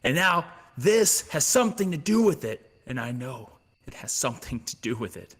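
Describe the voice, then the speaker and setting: A man voicing a frustrated, desperate man who shouts accusations, his voice raised well above normal. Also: mid-range voice, sing-song, normal speed, husky, in a large hall, voice pushed up, exaggerated voice. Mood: accusing.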